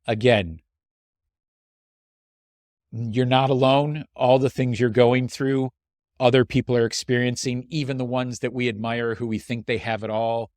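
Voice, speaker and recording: A man's voice: mid-range voice, flat delivery, a little mellow, no room sound, clean studio sound. A man hosting his own podcast, talking in an earnest, heartfelt way as he reflects on the past year. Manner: earnest, heartfelt, slow and deliberate. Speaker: podcast host and coach. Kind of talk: reflective solo podcast monologue.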